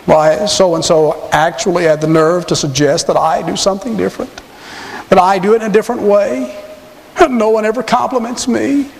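A man's voice: sits high, steady tone, normal speed, vocal fry. A man voicing a sulking, self-pitying church member who complains and threatens to quit. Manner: petulant, complaining. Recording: long hall reverb.

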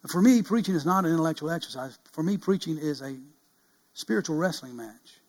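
A middle-aged man preaching a sermon as pastor, earnest, swinging from loud cries to hushed pleading. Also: fairly high pitch, expressive, a little fast.

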